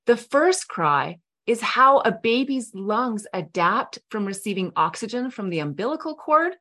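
A middle-aged woman hosting a podcast, telling a personal story in a heartfelt, earnest way with soft pauses. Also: mid-range voice. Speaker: podcast host. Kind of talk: reflective storytelling monologue.

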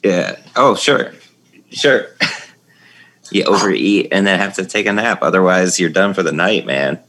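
A man hosts a casual interview. He is relaxed, laughs easily, and asks follow-up questions in a low voice. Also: measured pace. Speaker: podcast host.

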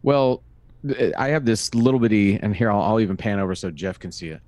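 A man in his fifties co-hosts a podcast from a home recording room, spinning stories in a wry, dry, casual chat. His voice sits fairly low, moves a little fast, and has a slightly mellow quality.

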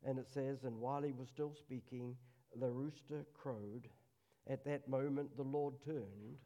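Earnest male preacher giving a sermon. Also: medium pitch. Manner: earnest, drops to a hush on solemn lines. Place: church service.

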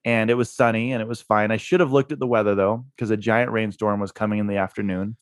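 A man's voice: on the low side, steady tone, fast talker, smooth, no echo, clean studio sound. A man being interviewed, telling a story in a laid-back way and laughing at himself. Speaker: guest, real estate investor.

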